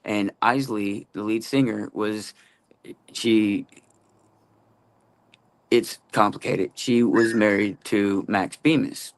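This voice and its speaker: A man's voice: on the low side, fairly even intonation, slow pace, pauses often. A man, a guest actor and musician, telling a casual story in a profane, rambling way and laughing often.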